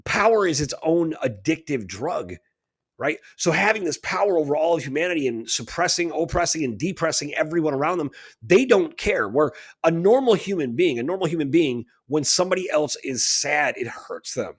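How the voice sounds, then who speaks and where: A man's voice: a little high, lively intonation, normal speed, slightly rough. A man co-hosting a radio talk show, talking in an emphatic, preachy way and often tossing in "right?". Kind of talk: casual spiritual talk.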